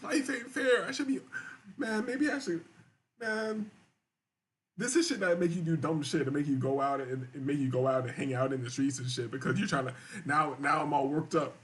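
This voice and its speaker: A man's voice: on the high side, moderate pace. A man hosting a live-stream show, reading viewer chats aloud and reacting in crude, rambling, repetitive casual talk.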